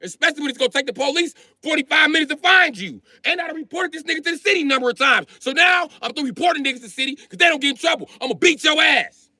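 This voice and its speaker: A man streaming live, telling a heated story in a loud, profane rant that breaks into shouting. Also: very high-pitched, animated, rapid-fire, few pauses, dry recording, studio quality. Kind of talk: ranting storytime.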